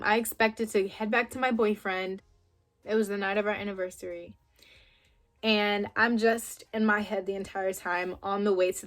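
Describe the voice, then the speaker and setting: A young woman vlogger casually recounting a personal story to camera, acting out her own quoted lines bluntly. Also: mid-range voice. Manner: animated retelling with quoted dialogue, frank and blunt.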